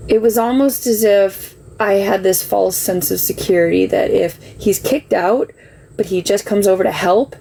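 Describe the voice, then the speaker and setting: Emotional woman with a gravelly voice. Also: medium pitch, dark tone, slight background noise, low-quality recording. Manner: earnest, defensive, gets worked up and sighs. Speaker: livestream host. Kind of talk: emotional personal account.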